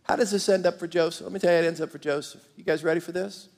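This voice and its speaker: A man with a high, gravelly voice preaches a lively sermon and talks straight to his congregation. His voice carries a long reverb from a big church hall. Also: racing. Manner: animated preaching, direct address to the congregation. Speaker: pastor. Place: large church auditorium.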